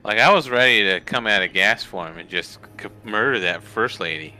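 A man's voice: on the low side, lively intonation, moderate pace, pushed and bright. A man chatting casually as a player in a tabletop game, loose and profane. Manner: loose and swearing, laughing easily.

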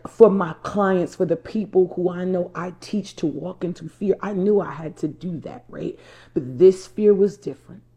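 Addressing her viewers as y'all, a woman from New Jersey who works as a life coach shares a personal story. Her voice is low and mellow, and she stresses her points emphatically while circling back over what she has said.

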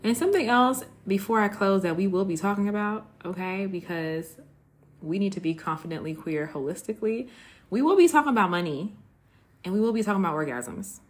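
A woman's voice: mid-range voice, expressive, a little fast. A woman hosting a casual solo podcast, tired after working late, chatting with listeners and calling them "honey". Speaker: podcast host.

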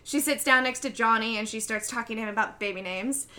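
Chatty young woman, bright voice. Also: a little high, fast. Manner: chatty, giggly, lots of fillers. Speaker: podcast co-host. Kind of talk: casual movie recap chat.

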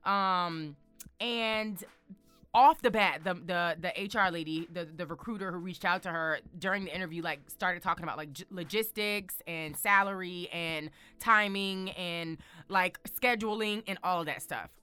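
A woman's voice: fairly low pitch, normal speed, pushed and bright, clean tone, no room sound, faint music behind. A woman hosting a casual motivational talk, sassy and emphatic, calling the listener honey. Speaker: show host.

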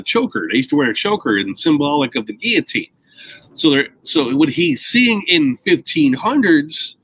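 A man's voice: a little high, a bit bright, slightly rough, poor audio. A man co-hosting a casual chat, explaining at length in a rambling, emphatic way and stressing key words.

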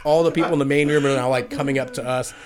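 Male co-host, casual storyteller, filler-heavy, profane, average pitch. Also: steady tone, racing, crowd noise. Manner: swears, acts out quoted voices; rambling, full of "like". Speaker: podcast co-host telling a story. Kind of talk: casual chat.

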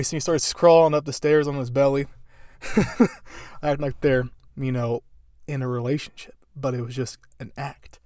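A young podcast host with a medium-pitched, slightly mellow voice speaks at a moderate pace with flat delivery. He tells stories casually, rambling and amused, with lots of fillers. The sound is studio quality with no echo.

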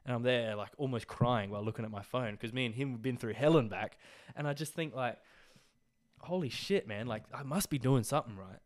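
Brisk and mid-range in voice, a young Australian man hosts a casual podcast alone. He wanders off topic, swears, fills gaps with ums and ahs, and coughs a little while he's recovering from being sick.

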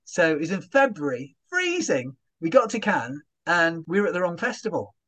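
Comedian telling stories brightly. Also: male voice, on the high side, normal speed. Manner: animated storytelling with voiced asides. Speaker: comedian guest. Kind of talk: conversational interview.

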